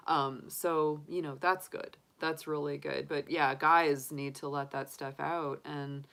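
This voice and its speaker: Woman, bright tone, smooth clear voice, chatty and emotional live-stream host. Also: sits low, steady tone, slow pace. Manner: talkative, emotional, laughs often, chats with viewers by name. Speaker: tarot reader hosting a live stream. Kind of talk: casual live-stream chat.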